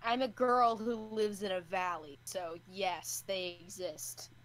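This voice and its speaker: A woman's voice: medium pitch, steady tone, slow, rough recording. A young woman in casual chat, playful and giggly, now and then breaking into song. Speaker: co-host chatting.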